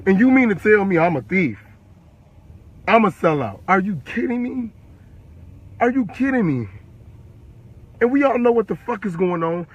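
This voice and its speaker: A man's voice: high-pitched, animated, normal speed, long pauses, breathy edge, poor audio. An eighteen-year-old man from the Chicago area, ranting on a livestream, furious and profane, repeating himself. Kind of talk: angry livestream rant.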